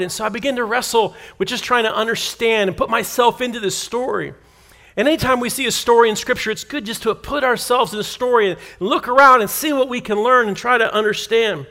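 A man with a fairly high voice preaches a sermon. He tells the story in an animated way, acting out what the people in it say. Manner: animated storytelling, acts out quoted lines. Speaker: pastor.

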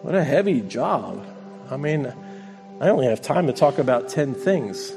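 A man's voice: medium pitch, big pitch swings, normal speed, creaky, over music. A middle-aged man preaching as pastor, telling a family story in a chatty, self-mocking way before closing in prayer. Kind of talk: sermon with personal story.

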